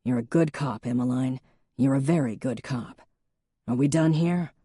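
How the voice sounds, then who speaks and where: A woman voicing a deadpan, patient male police chief with a wry edge. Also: very deep voice, normal speed, breathy edge, no room sound, studio quality. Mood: dry, firm.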